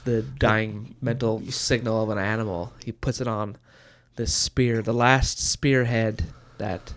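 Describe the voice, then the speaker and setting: A man co-hosting a casual book discussion podcast, calmly adding details to the plot. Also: lowish voice, unhurried. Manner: relaxed, adds details and agrees often. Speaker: podcast co-host.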